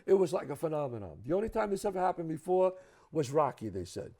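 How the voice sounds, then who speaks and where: A man with a New York accent telling animated, profane stories as a guest at a home, acting out the other people in them. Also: a little high, fast. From the Bronx, New York. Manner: emphatic, profane, acts out other people's lines. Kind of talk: animated storytelling.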